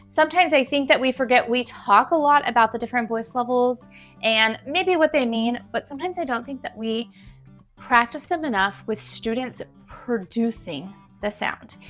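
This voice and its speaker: A young woman teacher talks straight to the camera in a chatty, encouraging way, repeating her points for emphasis. Her voice sits a little on the high side. Soft music plays faintly behind her. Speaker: teacher giving classroom tips. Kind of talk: casual advice to camera.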